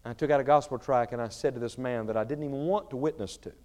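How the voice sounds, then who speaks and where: A man preaching a sermon, swinging between shouted fervor and quiet storytelling. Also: medium pitch, quick pace, hardly any pauses. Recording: reverberant large hall.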